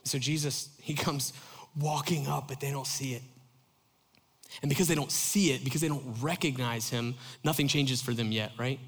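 A man's voice: medium pitch, moderate pace, husky. Chatty male pastor in an echoing hall. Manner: animated, chatty storytelling with many fillers. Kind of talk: sermon. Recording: long hall reverb.

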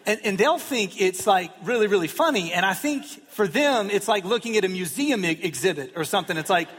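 A pastor in his thirties gives a sermon in a conversational, joking style, poking fun at himself and acting out little quotes. His voice is high for a man, fairly bright, lively in intonation, and a little fast. Slight background noise and a long reverb suggest a large church sanctuary.

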